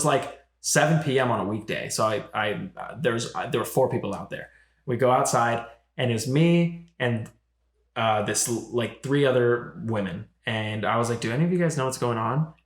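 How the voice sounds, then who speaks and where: A man's voice: mid-range voice, roomy sound. A young man co-hosting a casual podcast, telling stories with lots of swearing and filler likes. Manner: animated storytelling, frequent swearing and filler likes. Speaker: podcast co-host. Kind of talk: casual chat.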